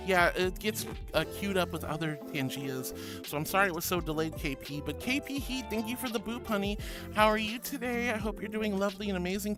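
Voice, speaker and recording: Man, high voice, affectionate streamer, reads chat, playful, self-deprecating, music loud underneath. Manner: affectionate, calls viewers sweetie and honey. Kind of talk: livestream chat reading.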